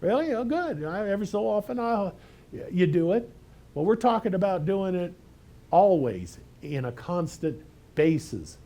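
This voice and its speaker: A man's voice: high voice, sing-song, normal speed, dark tone. A man preaching a sermon as pastor, emphatic and conversational, asking his listeners rhetorical questions.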